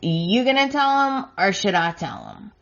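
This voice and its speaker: A woman's voice: medium pitch, sing-song, a little slow, gravelly, fairly bright tone, muffled recording, full character voice. A woman reading out the lines of an upset, defensive woman in a raised, emphatic voice. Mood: indignant.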